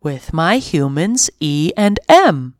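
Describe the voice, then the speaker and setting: A woman doing a slow, goofy puppy. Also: low-pitched, big pitch swings, a little mellow, dry recording, studio quality, heavily acted. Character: big friendly goofy male puppy.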